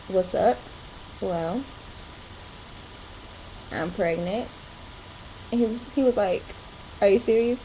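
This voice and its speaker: A woman's voice: medium pitch, mellow, slight background noise, low-quality recording. A young woman chatting casually in a home vlog, rambling along with short laughs. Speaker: vlogger. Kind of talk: casual chat.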